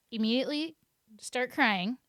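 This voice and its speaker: A woman's voice: a little high, no room sound, clean studio sound. A young adult woman telling a personal story on her podcast in a rambling, chatty way with many restarts. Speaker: podcast host.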